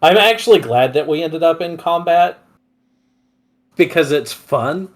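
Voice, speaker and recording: Young dude explaining his barbarian plan, earnest, bit high voiced. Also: lively intonation, measured pace. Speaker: player. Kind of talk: casual chat about a tabletop game.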